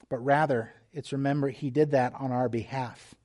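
A man preaching a sermon as pastor, earnest and measured, with restarts and small asides. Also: mid-range voice.

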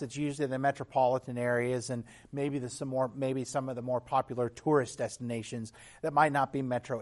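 A man preaching a sermon in an earnest, teaching tone. His voice sits a little higher than most men's, and he sometimes restarts a phrase or clears his throat as he goes. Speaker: pastor.

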